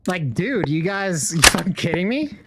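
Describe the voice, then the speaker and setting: A man's voice: high-pitched, big pitch swings, normal speed, heavy background noise. A young man streaming a game, chatting casually in a rambling, slangy way with lots of swearing. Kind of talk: casual chat while gaming.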